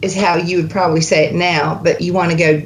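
A woman's voice: fairly low pitch, little pitch movement, fast, slight background noise. A woman coaching an actor on an accent, patiently drilling sounds over and over. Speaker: dialect coach.

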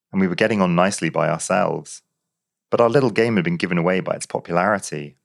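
A man reading a story aloud in a wry, measured storytelling manner. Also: low voice, vocal fry. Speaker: narrator. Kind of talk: scripted story narration.

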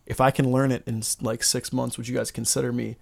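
A man's voice: medium pitch, flat delivery, fast talker, gravelly, a little mellow. A young man in his twenties, a guest brewer on a podcast, telling a long story in loose casual chat full of filler words.

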